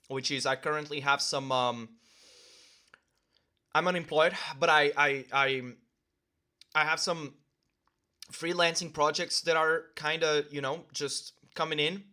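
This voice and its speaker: A young man chats casually to his camera while he eats, his voice sitting a little higher than most men's. He rambles, fills gaps with ums and uhs, and sometimes talks with his mouth full. It sounds like a relaxed home video shot on the camera's own mic. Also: takes it slowly, long pauses. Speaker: vlogger. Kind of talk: casual talk to camera while eating lunch.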